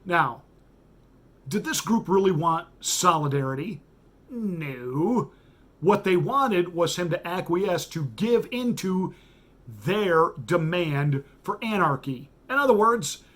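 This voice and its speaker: A man's voice: sits high, animated, slow, a bit bright. A man, a pastor hosting a radio show, giving a blunt, sarcastic political monologue with emphatic repetition.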